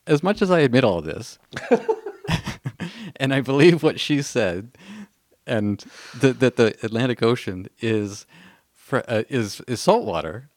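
A man's voice: mid-range voice, big pitch swings, slow pace, a little mellow, no room sound, studio quality. A Canadian man in his thirties, a podcast guest telling a story in a hesitant, self-mocking way. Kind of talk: casual storytelling.

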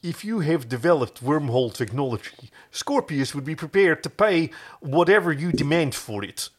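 A stern, captive alien officer speaks in a heavy, exaggerated Dutch accent, as a man reading aloud puts him on. The accent is overdone on purpose and self-mocking, and the pitch rises and falls with lively swings. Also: normal speed. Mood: imploring. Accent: put-on Dutch.

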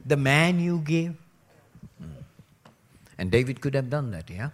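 A man preaching a sermon, joking and mimicking people, then dropping to a low, earnest tone. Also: very animated, slow pace, pauses often. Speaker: pastor.

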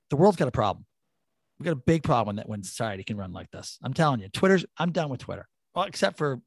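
A man's voice: medium pitch, no room sound. A man hosting a casual sports podcast, talking animatedly with plenty of swearing and rambling stories. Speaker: podcast host.

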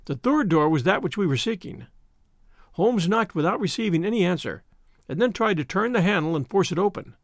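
A man narrates a classic story in an expressive, dramatic audiobook style. His voice sits fairly high and moves a lot in pitch. The recording is close and dry. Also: brisk, no room sound.

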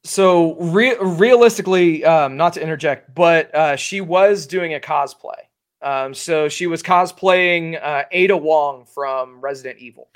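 Slow, hesitant man with a raised voice. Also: on the high side. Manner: measured, hesitant with fillers. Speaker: podcast guest. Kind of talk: casual wrestling talk.

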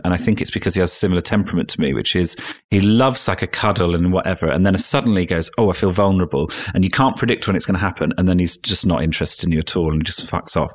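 A man chatting as a podcast guest, telling self-mocking stories with lots of ums and restarts. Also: deep voice. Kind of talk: casual podcast chat.

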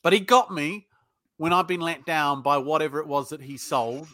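A British man with a high, bright voice, talking bluntly and swearing freely as he tells sales stories in a casual interview. The sound is close and dry, with no room around it. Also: normal speed, dry recording. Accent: British English. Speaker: sales trainer guest.

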